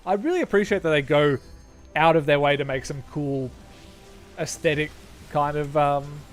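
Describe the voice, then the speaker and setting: Aussie bloke chatting away while he games, slightly high voice, keeps restarting his sentences. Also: moderate pace, soft background music. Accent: Australian. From Australia. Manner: rambling, self-correcting, chatty with viewers. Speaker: streamer. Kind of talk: casual gaming chat.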